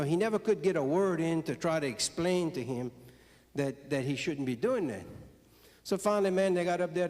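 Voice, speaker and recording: With a voice on the high side and a little mellow, this Cajun man tells jokes to a live audience in a drawling, folksy style. He's a comedian and storyteller from South Louisiana doing stand-up, recorded with long hall reverb.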